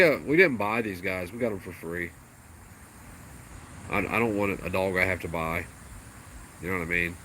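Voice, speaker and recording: A man with a lowish voice chats on a casual home livestream, rambling about his dogs and cracking crude jokes. His talk is loose and unpolished. Insects and passing vehicles are clearly heard behind him. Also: fairly bright tone, slight background noise, poor audio. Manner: rambling, crude and joking, baby talk to the dog. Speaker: livestream host.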